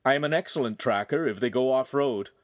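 In a studio-quality recording with no echo, a man plays an earnest young man who pleads emotionally. His medium-pitched, fairly quick voice sits above his natural register but stays close to an everyday voice.

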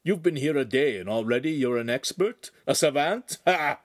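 A man's voice: medium pitch, sing-song, normal speed, dry recording, studio quality, pitched above the performer's own voice. A man voicing a blustering male lens master who scoffs and gives orders in a storybook reading. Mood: scornful. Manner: scornful, commanding outbursts.

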